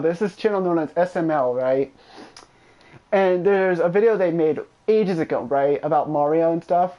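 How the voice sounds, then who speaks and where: A man streaming a video game, chatting casually and trash-talking a friend with lots of swearing. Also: fairly high pitch. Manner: profane, excitable trash-talk. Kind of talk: casual gameplay commentary.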